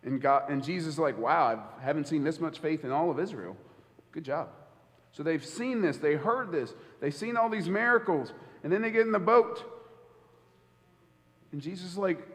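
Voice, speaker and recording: A man's voice: fairly high pitch, animated, normal speed. A man, a church elder, preaching a sermon, telling a personal story and acting out the quoted dialogue. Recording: hall reverb.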